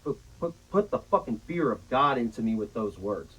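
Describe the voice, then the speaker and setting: A young man casually telling a long, profane story in a rambling, animated way. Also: medium pitch, normal speed, slightly rough, dull audio. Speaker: storyteller guest.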